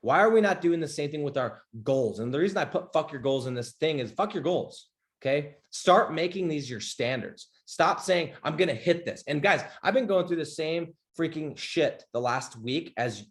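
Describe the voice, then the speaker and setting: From a home office, a male business coach gives a motivational livestream talk, blunt and emphatic, swearing often and checking in with "okay?". His voice runs on the high side with lively intonation at a moderate pace.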